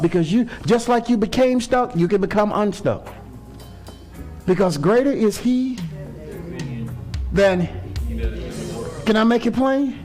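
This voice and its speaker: A high-voiced man preaches an impassioned sermon in a church. He calls out to the congregation and draws answers back from the pews, with faint music underneath. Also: a little mellow. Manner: impassioned, call-and-response with congregation. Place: church sanctuary.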